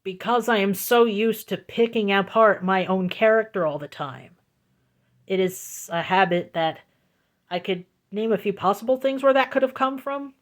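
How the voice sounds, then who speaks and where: A woman telling a storytime vlog into her phone, slow, deliberate and emphatic, repeating her points for weight. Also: mid-range voice. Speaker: vlogger.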